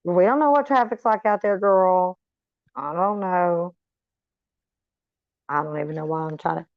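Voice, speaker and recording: Low-voiced, rambling, profane middle-aged woman. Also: dry recording. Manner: chatty, swears freely, wanders off on tangents. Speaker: vlogger talking to viewers. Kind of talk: casual rambling chat. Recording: slightly dull, dry recording.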